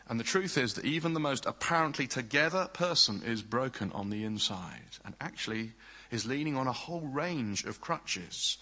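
A man preaching a sermon in an earnest way, often dropping to soft, hushed tones. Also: medium pitch, expressive, normal speed, rough recording.

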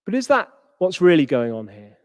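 A man's voice: sing-song, brisk, dry recording, in a large hall. A man preaching a sermon, retelling a parable and acting out the quoted characters. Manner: acts out quoted characters with rising pitch.

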